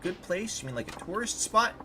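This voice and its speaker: A man voicing an easygoing male tour guide, speaking in a low-key, slightly wry way. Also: sing-song, a little fast, music in the background.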